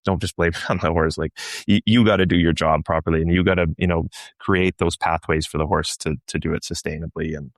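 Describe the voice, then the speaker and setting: Podcast guest: Canadian man, very low voice, thoughtful and halting, dry close mic. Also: fairly even intonation, no room sound. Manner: reflective, many restarts and fillers. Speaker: show jumping guest. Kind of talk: casual podcast chat.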